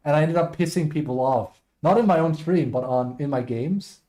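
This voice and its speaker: A man's voice: a little high, normal speed, mellow. A man streaming live and chatting casually with viewers, rambling and self-deprecating as he reads chat aloud.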